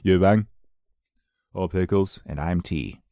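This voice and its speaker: A man's voice: low voice, takes it slowly, noisy background. A man hosting a podcast, talking in a casual, rambling way, joking at his own expense and drifting into silly bits. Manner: jokey, self-deprecating, slips into silly voices. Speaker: podcast host.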